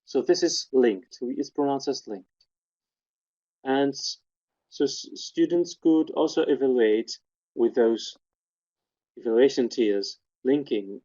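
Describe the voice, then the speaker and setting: Guy walking thru a technical webinar step by step, mellow darkish voice, muffled lo-fi audio. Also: mid-range voice. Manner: methodical, pointing out details step by step. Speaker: webinar presenter. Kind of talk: technical lecture walking through spectrograms.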